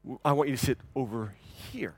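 A man's voice: medium pitch, fairly quick, breathy edge, no echo, faint music behind, voice pushed down. A man doing a nervous, earnest church usher.

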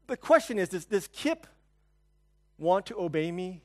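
A male pastor giving a conversational sermon, telling stories, asking the congregation questions, and swinging between soft and loud. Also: high voice, big pitch swings, measured pace. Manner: storytelling, asks the congregation questions.

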